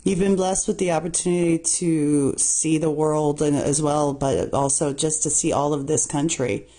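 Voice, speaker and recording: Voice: medium pitch, fairly even intonation, moderate pace, warm tone. An interviewer asking short questions and giving brief reactions.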